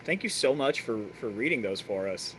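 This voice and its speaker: A man's voice: mid-range voice, lively intonation, moderate pace, fairly bright tone, slight background noise. A man hosting an online open mic, encouraging the poet in casual chat.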